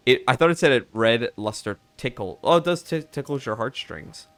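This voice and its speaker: A man's voice: medium pitch, lively intonation, normal speed, hardly any pauses, a bit bright, soft background music. A man casually commenting and chuckling while streaming a video game. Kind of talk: let's play commentary.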